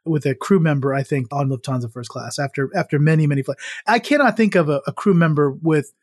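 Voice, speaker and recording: A man's voice: on the high side, a little fast, dry recording, studio quality. A man co-hosting a podcast in casual chat, laughing often and restarting his sentences. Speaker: podcast co-host.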